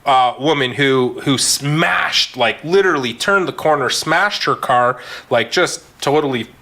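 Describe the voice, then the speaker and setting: A man telling a story in a casual podcast chat, animated, laughing often and using many fillers. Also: mid-range voice, unhurried. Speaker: physician podcast co-host.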